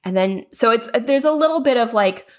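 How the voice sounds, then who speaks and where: A woman's voice: a little high, animated, a little fast. A woman co-hosting a podcast, chatting casually about a TV episode with many fillers and laughs. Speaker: podcast co-host. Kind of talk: casual chat recapping a TV episode.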